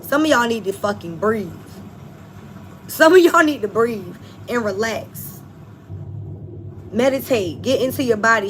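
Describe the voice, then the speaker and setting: Blunt, high-voiced woman tarot reader. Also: a little hiss or hum, low-quality recording. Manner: emphatic, blunt, swears freely, addresses listeners as y'all. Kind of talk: collective tarot reading to viewers.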